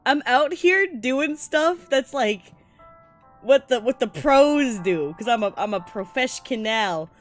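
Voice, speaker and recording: On the high side and slow, a woman's voice carries live gameplay commentary with faint music behind it. She's playful and excitable, laughing frequently and yelping when spooked.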